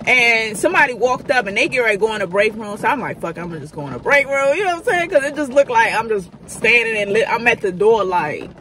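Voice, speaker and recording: A woman's voice: on the high side, animated, fast talker, few pauses, sharp tone, a little hiss or hum. A woman in her thirties telling a candid, profane storytime in casual slang. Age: 30s. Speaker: vlogger. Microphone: phone camera.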